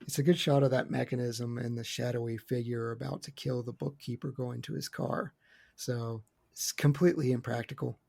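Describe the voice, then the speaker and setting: A man's voice: medium pitch, flat delivery, moderate pace, vocal fry, a little mellow. A man co-hosting a casual film podcast roundtable, chatty and opinionated with joking asides. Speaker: podcast co-host.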